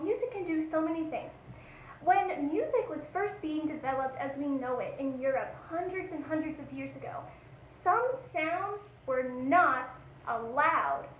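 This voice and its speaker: A woman's voice: high voice, slight background noise. A woman leading a children's music lesson, upbeat and encouraging, chanting and singing along. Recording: echoey room with instrument. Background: instrument played.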